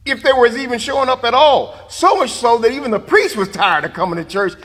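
Preacher guy, high animated voice, lots of laughs, big reverby church. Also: a little fast. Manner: lively preaching with laughter and asides. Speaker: pastor. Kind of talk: sermon.

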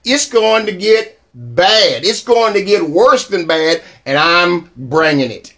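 A preacher doing a loud taunting enemy envoy. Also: male voice, high-pitched, pitched below the performer's own voice. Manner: loud hollering threats, slow and drawn out. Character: boastful menacing male enemy envoy.

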